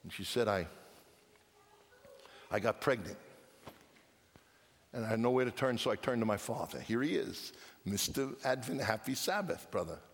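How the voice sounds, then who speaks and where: A man preaching a sermon, telling a story with hushed lines and emphatic outbursts. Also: fairly low pitch, animated, moderate pace, pauses often. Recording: long reverb of a large hall.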